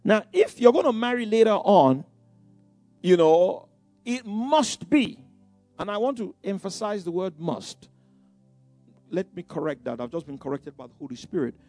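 A man's voice: high voice, expressive, normal speed, mellow. Middle-aged male pastor, chatty sermon delivery, faint music underneath. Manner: conversational preaching with many "you know" asides and repeated phrases. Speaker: preacher.

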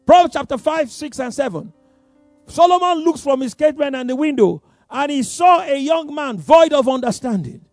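Male preacher in a sermon, high and very lively voice, dry close sound, faint music underneath. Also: moderate pace, dry recording. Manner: animated, swings from loud emphasis to soft asides; laughs between points.

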